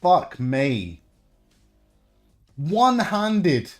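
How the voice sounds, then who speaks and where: A young man hosting a live wrestling watch-along stream, reacting excitedly, swearing freely and chatting with viewers. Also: a little high, drawn-out words, soft background music. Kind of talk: live reaction commentary and chat.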